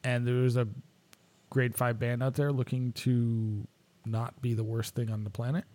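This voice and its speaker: A man's voice: medium pitch, flat delivery, moderate pace, mellow. A man co-hosting a podcast in casual chat, joking and laughing often. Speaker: podcast co-host.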